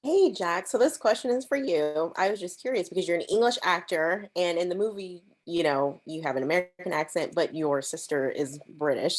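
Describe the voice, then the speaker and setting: A woman journalist asking an actor a chatty, curious question at a press interview. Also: lowish voice.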